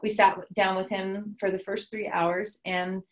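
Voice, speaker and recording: Animated young woman telling her startup story, chatty, acts out the quotes. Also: mid-range voice, a little slow, slight background noise. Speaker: startup co-founder. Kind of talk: casual storytelling chat.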